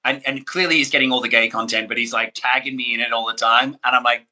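Bright-voiced Australian man, joking. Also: medium pitch, fast. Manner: joking, animated storyteller. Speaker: podcast guest. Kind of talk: casual chat.

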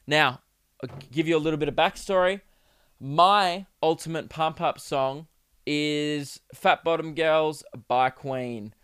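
A young man hosting a comedy podcast, riffing in a profane, laughing, animated way. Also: on the high side, takes it slowly, smooth, no echo, studio quality. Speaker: podcast host. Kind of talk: solo comedy podcast rant.

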